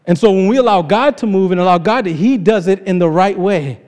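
High-voiced preacher in an echoing hall. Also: male voice, a little fast, a little mellow. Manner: conversational, laughs often, retells scripture in his own words. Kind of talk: informal sermon. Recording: long reverb of a large hall.

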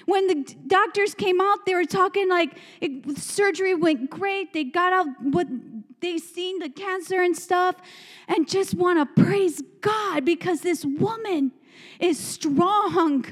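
High-voiced woman preaching with fervor in a hall. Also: measured pace. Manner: fervent, call-and-response, repetitive emphatic phrases. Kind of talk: sermon. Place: church sanctuary. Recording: long church hall reverb.

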